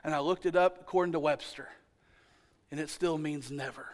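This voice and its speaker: A pastor, preaching a sermon in a church and telling a family story with humorous asides. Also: male voice, a little high, steady tone, brisk. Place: church sanctuary.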